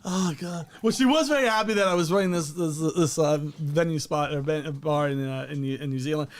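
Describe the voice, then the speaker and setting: A man's voice: fairly high pitch, a little fast, hardly any pauses. A man from New York, a podcast guest, chatting casually and telling rambling stories with frequent laughter. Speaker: podcast guest, event producer.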